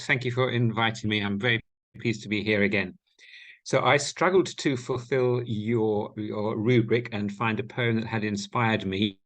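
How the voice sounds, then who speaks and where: A man reciting his own poem over a video call, slow, intense and emphatic. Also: lowish voice, fairly bright tone. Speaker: poet reading his work. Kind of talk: spoken poetry reading.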